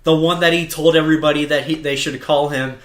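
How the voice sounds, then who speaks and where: A man co-hosting a casual podcast about a TV series, jumping into loud, exaggerated voices when he acts out characters' lines. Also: on the high side, steady tone, quick pace. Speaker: podcast co-host. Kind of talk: casual chat. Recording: echoey room.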